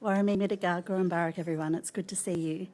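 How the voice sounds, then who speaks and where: A woman delivering a formal welcome to country address at a public event, measured and formal. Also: fairly low pitch, fairly even intonation, mellow. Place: parliament function hall.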